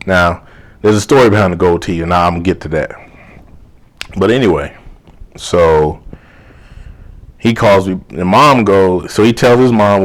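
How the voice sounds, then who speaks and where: A man's voice: deep voice, unhurried, long pauses. A man working as a life coach, telling a personal story casually and acting out the dialogue as he goes. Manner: animated retelling full of quoted dialogue and "you know".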